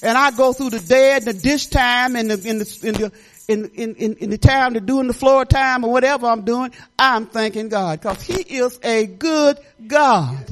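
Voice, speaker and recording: A woman's voice: fairly high pitch, moderate pace. An older woman giving a rambling, chatty testimony at church, often laughing and restarting her sentences.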